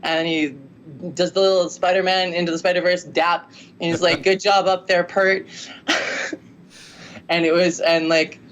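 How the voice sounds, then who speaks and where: A woman musician telling stories in a casual interview, rambling and lively with lots of filler words. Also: on the low side, measured pace, pauses often, lo-fi sound, slight background noise. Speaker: musician guest.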